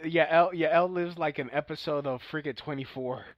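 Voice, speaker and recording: A man's voice: on the high side, fairly quick, no room sound. A man co-hosting a podcast, reacting with playful jokes in casual chat. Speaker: podcast co-host. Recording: dull lo-fi podcast audio.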